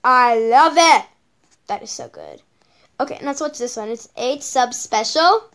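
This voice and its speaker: A woman's voice: a little high, lively intonation, measured pace, fairly bright tone. A female channel host giving casual reaction commentary on videos, rambling with lots of repeated okays and ums.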